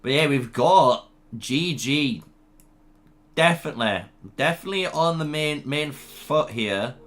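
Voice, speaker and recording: A man's voice: fairly high pitch, animated, unhurried, fairly bright tone. A man commentating live on a strategy game for his stream, chatty and laughing often as he talks to his chat. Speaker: gaming streamer. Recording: faint music behind.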